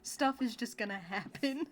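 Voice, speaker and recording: A woman livestreaming a video game, chatting casually with her viewers in a giggly, expressive, playfully complaining way. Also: a little high, a little slow. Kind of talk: casual gameplay chat with viewers. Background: faint game music.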